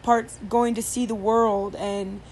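A woman's voice: a little high, little pitch movement, slow, darkish tone. A woman telling a story in casual chat, rambling with many fillers and restarts, over faint background noise.

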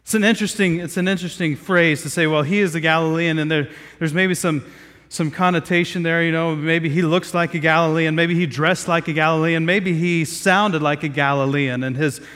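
A man's voice: on the high side, steady tone, moderate pace, fairly bright tone, in a large hall. A man from Southeast Ohio preaching a sermon in a conversational way, with many fillers and restarts, gathered outdoors in a square.

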